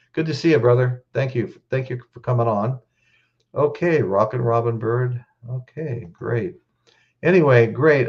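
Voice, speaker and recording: A man's voice: medium pitch, lo-fi sound. A man hosting a casual live stream, choked up, greeting viewers in the chat by name and often restarting his sentences.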